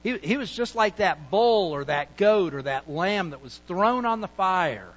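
A man preaching slowly and deliberately, his voice sitting a little high for a man. He drives his points hard, then drops to quiet asides. The recording is dull and muffled, with a faint hum behind it. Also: animated. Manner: emphatic, swings between loud points and quiet asides; acts out sheepish excuses in a low mutter. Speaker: pastor. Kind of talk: sermon.

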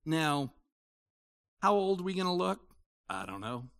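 A man in his sixties preaching a sermon in a conversational way, moving between loud emphasis and quiet asides. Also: on the high side, very animated, a little slow, gravelly. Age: 60s. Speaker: pastor.

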